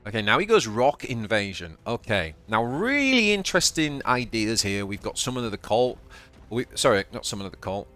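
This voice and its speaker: With big swings in pitch around a mid-range voice, a channel host from Yorkshire comments chattily on his card game while playing. He thinks aloud, repeatedly stumbling over and repeating words, at a moderate pace and a slightly bright tone, with faint music behind.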